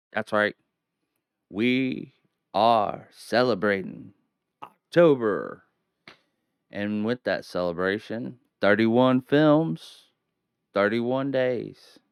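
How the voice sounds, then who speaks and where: A man's voice: on the low side, vocal fry, smooth, no room sound, clean studio sound. A young man hosting a horror movie review from home, hamming it up as a spooky showman between rambling, casual asides. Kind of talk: theatrical solo video review. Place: home at night.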